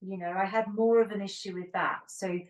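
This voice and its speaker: A woman's voice: medium pitch, fairly even intonation, a little fast. Candid woman co-host, roomy and distant. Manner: candid, rambling storyteller. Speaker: podcast co-host. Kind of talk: casual chat. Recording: roomy echo, distant from the mic.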